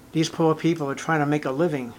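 Older pastor preaching, kinda high voice, gets fired up, bit of hiss behind. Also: male voice. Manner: preaching with rising emotional intensity, reading scripture aloud. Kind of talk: sermon.

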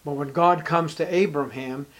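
A man preaching an expository Bible sermon, reading scripture aloud and asking rhetorical questions with strong emphasis. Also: normal speed. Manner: emphatic, rising to forceful highs on key words; reads scripture in King James style, asks rhetorical questions.

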